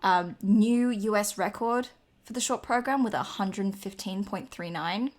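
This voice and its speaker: A woman's voice: mid-range voice, a little slow. A woman co-hosting a podcast in casual chat, talkative, swearing freely and laughing often. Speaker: podcast co-host.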